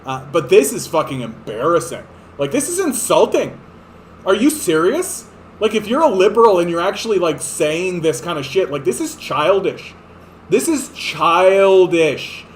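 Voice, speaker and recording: A man rants about politics in a sarcastic, exasperated tone, swearing freely. His voice sits fairly high for a man. A faint hiss runs under the recording. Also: big pitch swings, normal speed. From Canada. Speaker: political commentator. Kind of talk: ranting political commentary.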